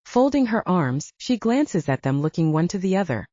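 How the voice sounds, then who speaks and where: Expressive female audiobook narrator. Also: lowish voice, normal speed, no echo, highs cut off. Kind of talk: scripted narration.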